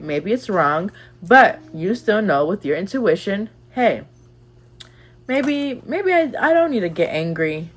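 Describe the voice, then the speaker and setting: A young woman giving candid, chatty advice in a casual vlog, rambling with lots of "like"s. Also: medium pitch. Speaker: lifestyle vlogger.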